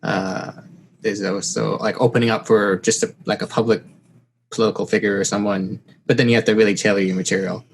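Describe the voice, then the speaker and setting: A man hosting a podcast, asking questions and reacting with quick exclamations in casual conversation. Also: lowish voice, level tone, creaky, slight background noise. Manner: reactive, prompting with short exclamations. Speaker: podcast host. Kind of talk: casual interview.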